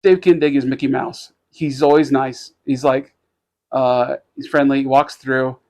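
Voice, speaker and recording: A man's voice: medium pitch, fairly even intonation, a little slow, a little mellow. A man co-hosting a podcast, telling a story in casual chat, rambling with many restarts and fillers. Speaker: podcast co-host.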